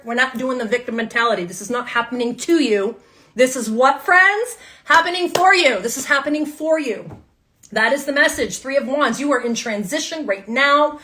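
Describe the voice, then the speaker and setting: High-voiced, emphatic woman tarot reader. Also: fairly bright tone. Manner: emphatic, fired-up, repeats phrases; casual, swears freely. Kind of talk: live tarot reading to viewers.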